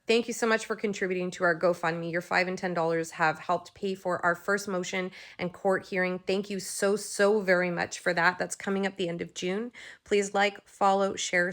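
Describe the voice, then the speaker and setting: A woman's voice: lowish voice, fairly bright tone. Emotional woman telling her own story. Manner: emotional, acts out dialogue, repeats phrases. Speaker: vlogger. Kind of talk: personal storytelling to camera.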